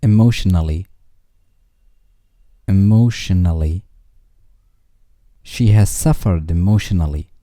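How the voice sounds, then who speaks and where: A man reads English vocabulary for a lesson, saying each word twice before an example sentence. He speaks very slowly in a dark, mellow voice set fairly low. The recording is dry and close. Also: no echo. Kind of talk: slow scripted word-and-sentence reading.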